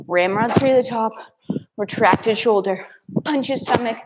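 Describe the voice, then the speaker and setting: A woman instructor talks a class through kettlebell moves, counting reps and naming each step in short, brisk cues. Her voice sits a little high, and she takes her time between phrases. Now and then she is out of breath from the workout. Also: background noise. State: out of breath at times. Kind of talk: live workout class cueing.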